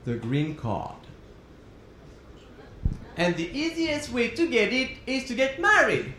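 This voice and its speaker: A man's voice: very high voice, huge pitch swings, slow, slight background noise. French-accented man telling wry stage stories. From Switzerland. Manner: wry storytelling between songs, sung tango with piano. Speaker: cabaret performer. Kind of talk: one-man musical comedy show. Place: theater stage. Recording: roomy stage sound with loud piano.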